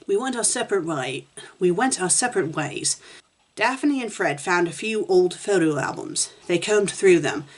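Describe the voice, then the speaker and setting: A woman's voice: lowish voice, animated, moderate pace. Woman fanfic critic reading aloud, wry commentary between lines. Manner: wry, giggly asides. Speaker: fan fiction critic. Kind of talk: reading a fan story aloud with asides.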